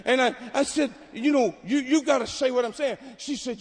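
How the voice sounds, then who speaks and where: A man preaching a sermon at a camp meeting, telling stories and building to shouted exhortation. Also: extremely high pitch, normal speed, husky. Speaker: pastor. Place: large hall at a camp meeting. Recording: long hall reverb.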